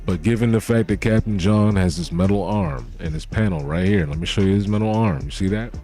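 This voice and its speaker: A man's voice: fairly low pitch, brisk, vocal fry, mellow, faint music behind. A man giving casual reaction commentary on a manga chapter, talking loosely in slangy, profane speech.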